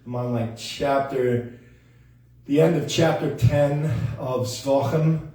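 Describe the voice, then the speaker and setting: A man's voice: mid-range voice, takes it slowly, dark tone. A man hosting a variety show, rambling through a chatty, self-deprecating monologue. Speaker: host. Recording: echoey room, distant mic.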